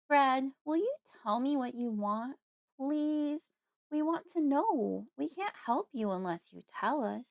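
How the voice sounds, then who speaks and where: A woman voicing a frightened five-year-old girl in an audiobook, pleading and crying out in high, rising lines. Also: normal speed, few pauses, natural voice. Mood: sweet. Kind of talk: audiobook character voice.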